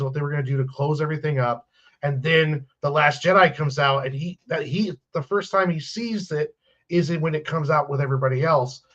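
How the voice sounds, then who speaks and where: A man's voice: fairly high pitch, a bit bright. A man chatting on a podcast, rambling and restarting his sentences with an exasperated tone. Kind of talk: casual chat. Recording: muffled lo-fi audio.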